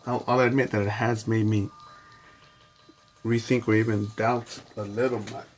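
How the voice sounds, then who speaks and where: An adult man vlogging in a rambling, profane, reflective monologue full of pauses and fillers. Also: lowish voice, level tone, slight background noise.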